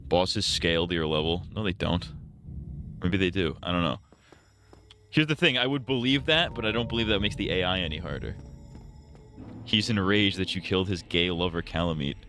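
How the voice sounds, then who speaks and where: A man's voice: low-pitched, moderate pace, pauses often, sharp tone, slight background noise. A young man streaming a game, joking, swearing and rambling in casual crude commentary. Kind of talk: crude live gaming commentary.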